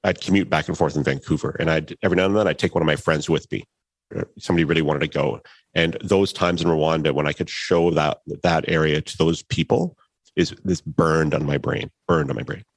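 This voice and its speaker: A man with a husky voice, a podcast guest talking about travel in an easygoing, reflective way. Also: extremely low pitch, fairly quick, no room sound. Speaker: podcast guest, company CEO. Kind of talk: casual conversation.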